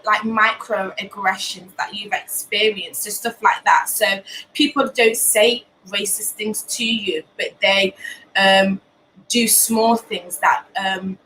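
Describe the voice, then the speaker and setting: A young woman from Britain, hosting a live show from home and talking candidly with many pauses and restarts. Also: medium pitch, bright, forceful tone, a little hiss or hum, poor audio. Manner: earnest, many ums and restarts. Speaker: host of a live talk show. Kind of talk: candid personal talk.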